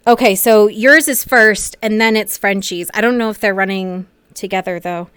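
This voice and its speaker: A teary, sniffling woman murmurs quietly as she streams a role-play game from a VR headset. Her voice sits at an ordinary middle pitch and comes through close and dry, with no room behind it. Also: normal speed, clear, resonant tone, dry recording. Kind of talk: casual chat between scenes. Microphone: VR headset mic.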